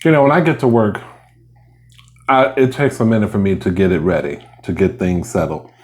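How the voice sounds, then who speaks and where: A man's voice: on the low side, brisk, darkish tone. A man vlogging while he eats, chatting casually and rambling between bites. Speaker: mukbang vlogger. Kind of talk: casual chat while eating.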